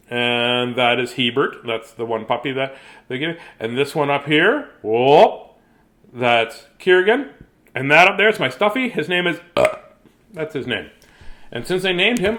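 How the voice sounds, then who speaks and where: A man's voice: medium pitch, fairly bright tone. A man hosting a live bedtime story reading, chatting and joking in a playful, easygoing way. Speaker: children's story reader and host. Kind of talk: casual live chat before a bedtime story.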